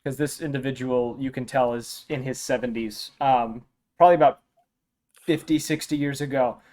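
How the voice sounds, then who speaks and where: A man's voice: mid-range voice, steady tone, darkish tone. Man running a tabletop game. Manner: descriptive, halting with fillers. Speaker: dungeon master.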